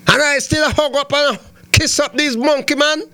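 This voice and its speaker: A fiery male talk radio host, his voice pitched very high and bright with a hard, tense edge. He rants and circles back on his own words, piling up repeats as he pushes his point. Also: steady tone, moderate pace. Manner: fiery, ranting, repeats himself. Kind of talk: heated political talk radio rant.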